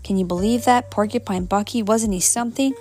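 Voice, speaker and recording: A woman reading aloud and voicing an excited young male raccoon in a children's storybook, talking breathlessly and eagerly. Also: medium pitch, brisk, close to an everyday voice. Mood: admiring.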